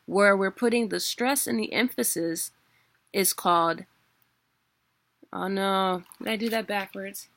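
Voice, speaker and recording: Woman teacher, casual self-correcting delivery, unhurried, bright timbre. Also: mid-range voice. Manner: chatty, self-correcting, laughs at own mistakes. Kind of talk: casual video lesson.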